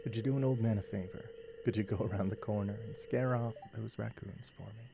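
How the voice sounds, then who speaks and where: A man voicing a grumpy old Southern man with a gravelly country drawl, for a farming video game. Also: on the low side, fairly even intonation, brisk, over music. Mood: folksy, asking.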